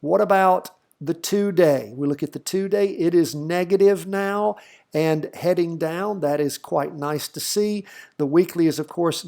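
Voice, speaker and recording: A man's voice: a little high, creaky, mellow. A middle-aged man with a slight Southern accent, giving folksy, chatty market commentary as host of a trading channel. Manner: folksy, chatty, thinks aloud with fillers. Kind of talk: casual market commentary over charts.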